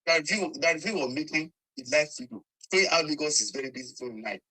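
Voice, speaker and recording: A man, answering questions in a street interview. His voice is very bright and a bit higher than most men's, and he talks fast. He rambles through his answers like he is telling a story. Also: lively intonation, breathy edge, poor audio.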